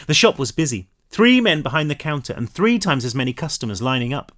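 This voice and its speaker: An author reading his own novel aloud in an animated way, adding casual self-mocking asides. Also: on the high side, a little fast.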